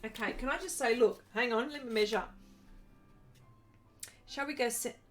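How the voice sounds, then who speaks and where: Aussie woman doing an art livestream, kinda high voice, chatty, says hi to everyone. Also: moderate pace, soft background music. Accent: Australian. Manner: chatty, greets viewers by name with bright rises. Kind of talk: casual live stream chat while drawing.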